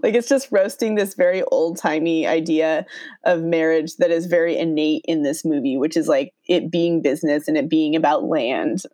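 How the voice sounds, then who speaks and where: A woman's voice: deep voice, normal speed, warm tone, no room sound. A woman casually recapping a movie, acting out the characters' lines and laughing often. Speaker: podcast co-host recapping a movie. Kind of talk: casual chat.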